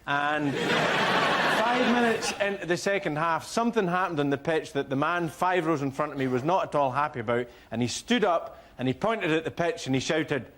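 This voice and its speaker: A man doing a stand-up anecdote, building slowly and deliberately to the punchline. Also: on the high side. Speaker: comedian. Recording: noisy studio with loud audience.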